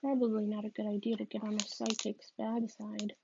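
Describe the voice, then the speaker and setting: A woman's voice: mid-range voice, level tone, brisk, gravelly, muffled recording, noisy background. A woman reading a novel aloud, hesitant and often restarting her sentences. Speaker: reader.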